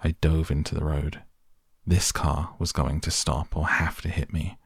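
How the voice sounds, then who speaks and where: A man narrating a story in a measured, even way, reading an audiobook. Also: rumbling low, vocal fry, slightly rough, no room sound, studio quality.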